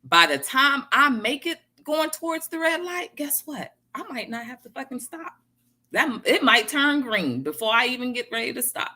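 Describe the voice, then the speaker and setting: A woman's voice: high voice, big pitch swings, normal speed, bright, forceful tone. A woman giving a casual motivational talk, emphatic and repeating her key phrases to viewers. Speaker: motivational speaker.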